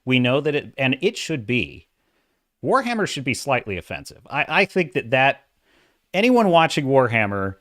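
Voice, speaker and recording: A man's voice: medium pitch, normal speed, no room sound, studio quality. A middle-aged man hosting a casual livestream, talking animatedly and reading out chat comments. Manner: animated, self-described dramatic, reads chat comments. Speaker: livestream host.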